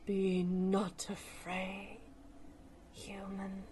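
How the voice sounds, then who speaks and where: A woman voicing a solemn angel who speaks to a human, talking slow, low and drawn out. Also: completely flat delivery, dark tone, slight background noise.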